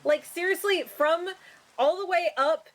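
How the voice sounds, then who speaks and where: A woman's voice: extremely high pitch, unhurried. A woman co-streaming in casual chat, explaining things and laughing often.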